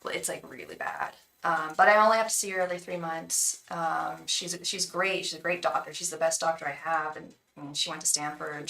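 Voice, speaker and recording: A bright, sharp-toned woman chats to her live viewers as a tarot reader. She sounds warm toward them and full of fillers and repeats. She sits some way from the mic, and the room adds an echo to her voice. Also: deep voice, gravelly, distant mic. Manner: chatty and encouraging, repeats words, many fillers. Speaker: tarot reader and psychic on a livestream. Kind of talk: casual chat to live viewers. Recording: roomy echo, voice away from the mic.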